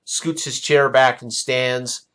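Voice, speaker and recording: Man, game master, mid-pitched, halting narration. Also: fairly even intonation, a bit bright, clean tone. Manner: halting, many fillers and restarts.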